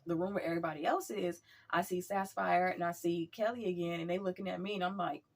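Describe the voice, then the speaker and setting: Woman vlogger, husky voice, chatty storyteller. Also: fairly low pitch, quick pace. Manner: chatty, animated retelling with acted quotes. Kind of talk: casual storytelling.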